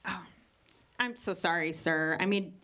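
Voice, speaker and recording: A woman's voice: a little slow, sharp tone. A woman doing stand-up on stage, cheeky and self-aware. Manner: cheeky, self-aware, sudden high jumps in pitch. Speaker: stand-up comedian. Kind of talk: stand-up comedy. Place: comedy stage before a live audience.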